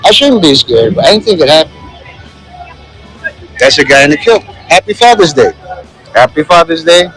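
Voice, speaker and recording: A man's voice: fairly high pitch, sing-song, moderate pace, long pauses, fairly bright tone, faint music behind, a faint crowd, rough recording. A man vlogging on a city plaza outdoors, rambling and joking into a handheld phone. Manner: rambling and joking, many fillers. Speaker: street vlogger. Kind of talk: casual walking commentary.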